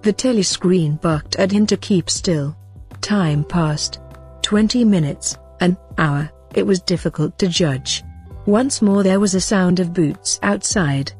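A woman reads a novel aloud in a measured, even way. Her voice is low and a little husky. Faint music plays underneath. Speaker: audiobook narrator. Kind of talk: scripted narration.

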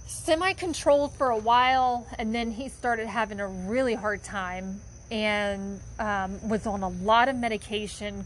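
A woman's voice: mid-range voice, fairly bright tone, a little hiss or hum, poor audio. A woman telling personal stories about fostering dogs in a chatty, heartfelt way with lots of fillers. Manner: chatty, many fillers, gets emotional. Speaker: dog foster volunteer. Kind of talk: casual storytelling monologue.

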